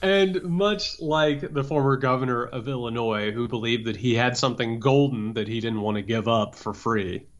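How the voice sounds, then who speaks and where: A man's voice: medium pitch, normal speed, hardly any pauses, fairly bright tone. A man co-hosting a political podcast, ranting emphatically with stammered restarts. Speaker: podcast co-host. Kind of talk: political commentary chat.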